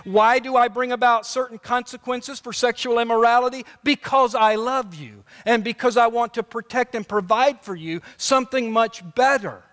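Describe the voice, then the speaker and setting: A male pastor preaching a sermon with passion, dropping soft and then rising to shouts. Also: very high voice, normal speed, few pauses. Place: church sanctuary. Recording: long church reverb.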